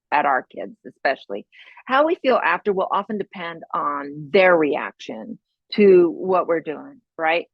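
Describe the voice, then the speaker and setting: Brief: woman podcast host, casual parenting talk, slightly husky, dry close sound, a bit dull and lo-fi. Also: lowish voice, no echo. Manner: chatty, ends points with "right?" and laughs often.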